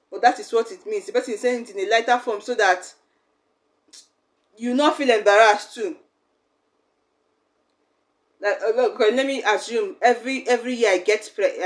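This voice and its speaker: A woman's voice: fairly high pitch, normal speed. Chatty woman teaching language. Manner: chatty, acts out little quoted exchanges. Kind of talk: casual explainer lesson.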